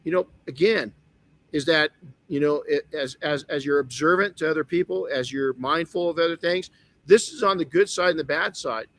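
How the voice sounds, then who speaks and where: A man's voice: on the high side, moderate pace, a bit bright, dry recording. A middle-aged man hosting a motivational podcast, telling a personal story earnestly with many restarts. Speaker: podcast host.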